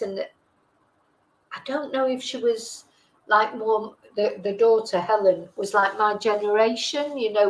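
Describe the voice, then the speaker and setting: A woman's voice: medium pitch, rough recording. Middle-aged english woman rambling on her livestream, lots of ums and restarts. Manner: rambling, hesitant, many fillers and self-corrections. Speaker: livestream host. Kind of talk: casual live chat reading viewer comments.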